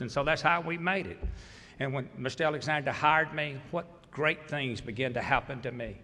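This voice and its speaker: Southern-accented man, 60s, folksy and thankful coach at the podium, bright and forceful, echoey hall. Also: mid-range voice, normal speed. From Mississippi. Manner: folksy, grateful, humorous. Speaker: basketball coach. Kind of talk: hall of fame acceptance speech. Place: large hall.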